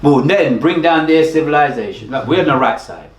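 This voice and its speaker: A man speaking emphatically in an animated group discussion, expressive and lively. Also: a little high, brisk. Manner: emphatic, expressive, acts out quotes. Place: meeting room with listeners. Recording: echoey room with a group around.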